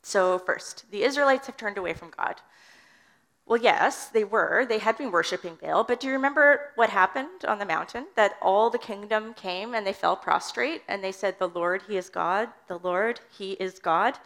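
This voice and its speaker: A woman's voice: medium pitch, normal speed, a bit bright. A woman preaching a sermon in an earnest teaching manner, reading scripture aloud.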